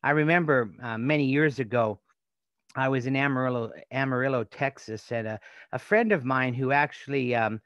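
Guy preaching a sermon, middle pitch, repeats his points for emphasis, dry recording. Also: moderate pace, fairly bright tone, no room sound, dull audio. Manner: rhetorical questions, emphatic repetition. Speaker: pastor.

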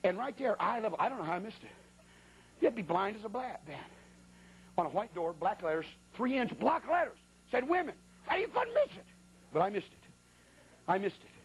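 High-voiced folksy preacher telling stories. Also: male voice, brisk, pauses often, husky, poor audio. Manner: animated, folksy, exaggerated comic storytelling. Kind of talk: humorous storytelling sermon.

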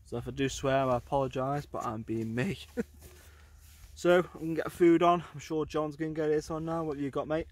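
A man's voice: fairly high pitch, fairly quick. A man vlogging casually outdoors on a windy coast, chatting and rambling with plenty of fillers into a handheld camera. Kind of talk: casual vlog chat.

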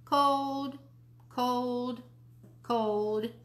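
A woman reading a storybook aloud, voicing a small mischievous boy who is jealous of his baby sister in a high, childlike, whiny voice. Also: very animated, normal speed, a bit bright. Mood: playful.

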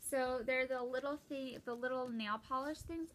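A young woman chatting casually and excitedly while opening a gift at home, rambling with lots of fillers and restarts. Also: high voice, moderate pace, slight background noise. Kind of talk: casual unboxing chat.

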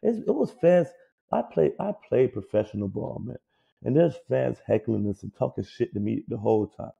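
Here a mid-range male voice with vocal fry and a husky quality speaks at a moderate pace, recorded lo-fi. The speaker played pro ball and now co-hosts a sports podcast, trading casual opinions and swearing plenty. He gets animated, imitating players in fake whiny voices to mock them.

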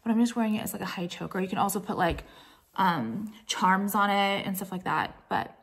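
A woman's voice: medium pitch, a little fast, breathy edge. A woman talks straight to her viewers at home in a loose, rambling way, stringing thoughts together with plenty of "like" and "um" and dropping casual swear words. She sounds out of breath and a little worn down from feeling sick, with a mid-range voice. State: out of breath and nauseous. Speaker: jewelry brand owner and vlogger. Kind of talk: casual vlog chat.

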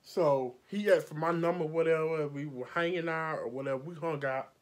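A woman makeup artist telling a storytime vlog indoors under bright lights, blunt and profane, acting out every quote and sweating from the heat. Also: deep voice, fairly even intonation, normal speed.

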